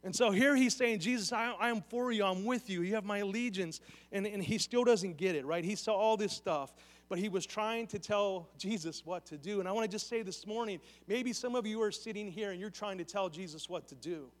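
A man's voice: high voice, a little fast. A man preaching a sermon as pastor, earnestly putting questions straight to his congregation. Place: church sanctuary. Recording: long reverb of a church hall.

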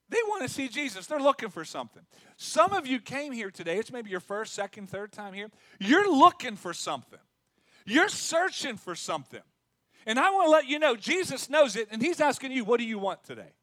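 A man preaching a sermon as pastor, talking in a lively, conversational way and acting out quotes. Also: extremely high pitch, moderate pace, no room sound.

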